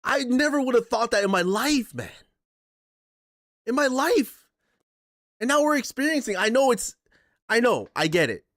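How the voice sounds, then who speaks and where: A man's voice: very high voice, sing-song, moderate pace, long pauses, a bit bright, no room sound, studio quality. A man hosting a casual live stream, rambling emotionally, swearing and reading chat aloud from his chair. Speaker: streamer host. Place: home stream setup in a chair.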